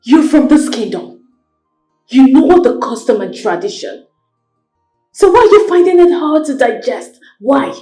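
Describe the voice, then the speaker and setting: A woman playing a high-voiced distraught queen. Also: lively intonation, a little slow, long pauses, mellow, roomy sound, faint music behind. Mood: angry defiant. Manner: tearful, pleading, then sharply angry. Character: young widowed queen, distressed and defiant. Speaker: widowed queen. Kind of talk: Nollywood film acting.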